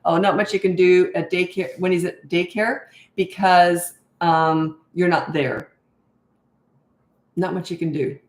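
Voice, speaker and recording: A woman's voice: on the low side, fairly even intonation, unhurried, reverberant. A middle-aged woman parenting coach answering viewer questions on a live stream, blunt and emphatic, often repeating words for stress.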